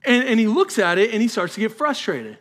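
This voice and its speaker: High-voiced pastor preaching with rising emphasis. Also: male voice, sing-song, fairly quick, a bit bright. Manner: conversational preaching, building to emphatic peaks. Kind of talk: sermon.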